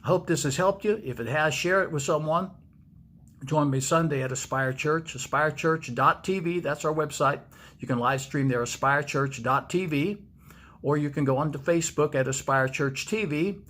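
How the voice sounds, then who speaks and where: A man's voice: on the high side, normal speed, a bit bright. A man, a pastor, giving a devotional video message to camera in a storytelling manner and repeating key lines for emphasis. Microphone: speaking to camera.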